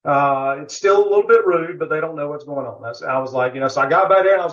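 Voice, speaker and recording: A man's voice: fairly high pitch, fast, a bit bright. A man, a guest on a barbecue podcast, telling a rambling story in a casual interview, full of fillers and asides. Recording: dull lo-fi audio.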